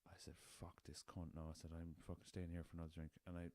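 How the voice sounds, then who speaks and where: Irish man, very low voice, dry close sound, rambling podcast host, swears a lot. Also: completely flat delivery, fast talker, dark tone, dry recording. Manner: rambling, swears freely, addresses listeners as lads. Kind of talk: casual solo storytelling. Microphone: podcast recorder with laptop.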